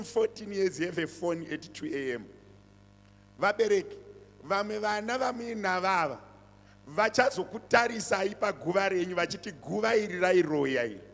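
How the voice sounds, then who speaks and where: Emphatic pastor. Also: male voice, high voice, moderate pace, gravelly, a bit bright. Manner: emphatic, repeats phrases, switches between languages. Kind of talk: sermon and church announcements. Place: church hall. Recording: reverberant church hall.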